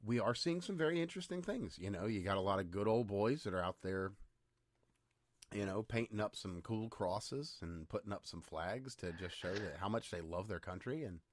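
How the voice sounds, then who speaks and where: Low-voiced man, wry rambling podcast chat. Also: lively intonation, moderate pace. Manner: rambling, sardonic, hesitant restarts. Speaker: podcast co-host. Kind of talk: casual chat.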